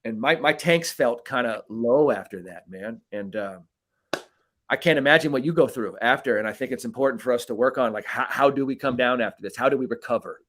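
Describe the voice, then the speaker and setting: A man's voice: medium pitch, fairly quick. Male podcast co-host and coach, casual storyteller with an easy manner and casual swearing, mid-range voice. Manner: animated, swears casually, frequent "right?" tags.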